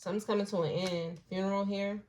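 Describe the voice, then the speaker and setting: A woman giving a casual intuitive tarot reading, slangy and blunt, musing aloud and dropping into soft hushed asides. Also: medium pitch, fairly even intonation, fast talker, background noise. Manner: slangy and blunt, with occasional swearing. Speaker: tarot reader.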